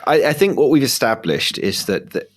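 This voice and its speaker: A man's voice: mid-range voice, sing-song, moderate pace. A British man co-hosting a podcast, chatting casually with a dry, wry wit. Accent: British English. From Britain. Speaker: podcast co-host. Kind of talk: casual chat.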